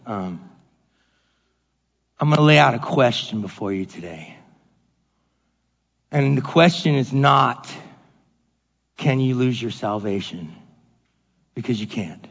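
Animated man preaching in a hall. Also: medium pitch, gravelly. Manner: animated, acts out voices in stories, self-deprecating. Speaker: pastor. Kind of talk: casual storytelling sermon. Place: church sanctuary. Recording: dull echoey hall recording.

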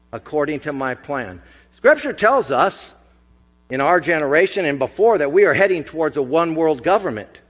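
A man's voice: on the high side, a bit bright. Emphatic male preacher in a reverberant hall. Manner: conversational, emphatic preaching with asides. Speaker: pastor. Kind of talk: sermon. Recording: dull recording with long hall reverb.

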